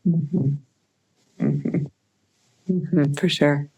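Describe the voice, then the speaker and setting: A podcast host asking a guest a closing question and murmuring softly while listening. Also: medium pitch, fairly even intonation, drawn-out words, husky, low-quality recording. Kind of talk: interview.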